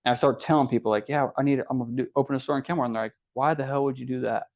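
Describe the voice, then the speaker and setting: A young adult man from Ohio talks very fast at medium pitch while telling his story as a podcast guest. He keeps it casual and lively, acting out quoted dialogue, on dull lo-fi podcast audio.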